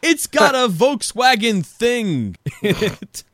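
A man hosting a casual podcast, talking in an animated way and swearing freely. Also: very high voice, a little hiss or hum. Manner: animated, swearing, quick asides. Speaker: podcast host.

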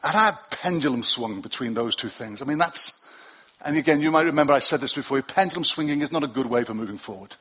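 Husky-voiced male pastor preaching conversationally. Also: mid-range voice, expressive, quick pace, bright, forceful tone. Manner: conversational preaching with asides and self-deprecating humor. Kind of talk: sermon. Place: church hall with a congregation.

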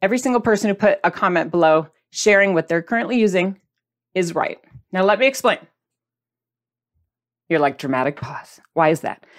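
A woman hosting a podcast who chats to her viewers in a casual, playful way. She keeps asking them questions and holds up products while she talks. Her voice sits at a middle pitch. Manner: chatty, asks the audience questions; playful, mimics listeners' reactions. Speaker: podcast host.

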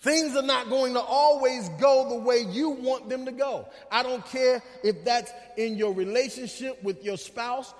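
A man with a very high voice preaching in a church, his sermon ringing through a hall with a long echo. He drives his points home with repetition and calls out to the congregation. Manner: emphatic preaching with repetition and call-outs to the congregation. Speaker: pastor. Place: church sanctuary. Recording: long reverb of a large hall.

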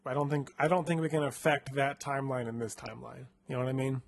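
A husky-voiced man reads a choose-your-own-adventure book aloud in a relaxed, playful way. He peppers the story with filler words and chats with his co-host between passages. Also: mid-range voice, quick pace. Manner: laid-back, lots of "like" fillers, playful. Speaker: co-host reading a gamebook.

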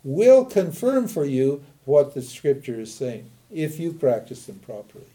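Slightly high and warm, this older man's voice has a sing-song lilt and a somewhat slow pace. He is a spiritual teacher from Montana, USA, giving an emphatic teaching talk in which he raises rhetorical questions and answers them.

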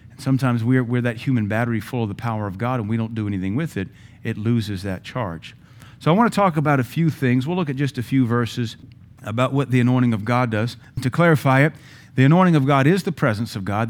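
Man preaching in a lively conversational way. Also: mid-range voice. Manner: conversational preaching with emphatic rises and self-deprecating asides. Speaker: pastor. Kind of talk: sermon. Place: church sanctuary.

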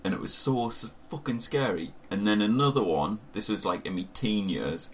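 A man's voice: fairly low pitch, moderate pace. A young man with a Northern English accent, a laid-back co-host in casual chat who laughs often. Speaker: podcast co-host. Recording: faint background noise.

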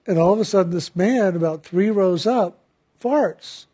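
A man with a notably high voice delivers a spiritual talk. He speaks gently and reflectively, and laughs readily as he recounts a story. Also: measured pace, husky. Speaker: spiritual teacher.

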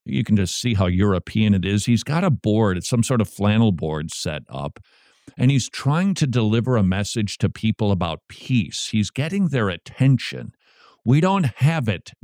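A man hosting a radio show, commenting on a recorded sermon in a slow, emphatic way with wry humor. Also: lowish voice, darkish tone, no room sound, clean studio sound.

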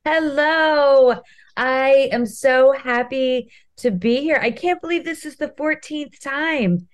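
A woman comedian chats as a podcast guest, spinning wry, comic stories. Her voice sits a little high. She takes her time, letting each line land. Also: takes it slowly. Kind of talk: casual podcast chat.

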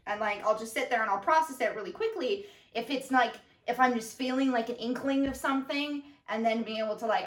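A woman's voice: on the high side, brisk, hardly any pauses. A young woman co-hosting a podcast, chatting casually and playfully, with lots of fillers. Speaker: podcast co-host. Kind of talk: casual conversation. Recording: roomy sound from a distance.

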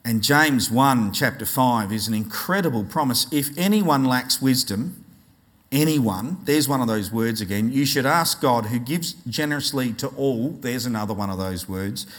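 A man delivers a sermon at an ordinary, mid-range pitch, talking to his listeners as if chatting with friends. He draws out important words from the scripture slowly and with emphasis, then drops back into an easy, informal pace. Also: animated, fairly bright tone. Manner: conversational preaching, slows down to stress scripture words. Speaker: preacher.

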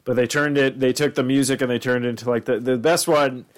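A man's voice: mid-range voice, fairly even intonation, fast talker. Man, podcast host, casual rambling, swearing, acts out voices. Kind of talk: casual chat.

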